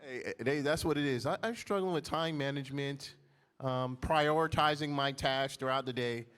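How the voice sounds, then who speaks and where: A man's voice: mid-range voice, normal speed, fairly bright tone, clean tone. A man teaching the Bible in a casual, emphatic storytelling way.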